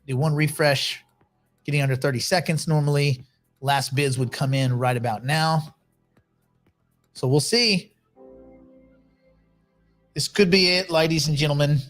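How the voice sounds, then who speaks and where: A man's voice: fairly high pitch, unhurried, long pauses, a bit bright, faint music behind. A man casually hosting a livestream, talking in a rambling, chatty way with frequent restarts. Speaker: livestream host.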